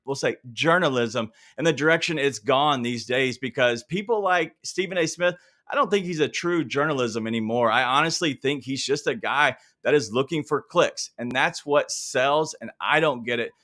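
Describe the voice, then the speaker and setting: Man from memphis, sports show co-host, casual conversational, bright lively tone. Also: mid-range voice, normal speed. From Memphis, Tennessee. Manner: conversational, steering questions, aggrieved opinions.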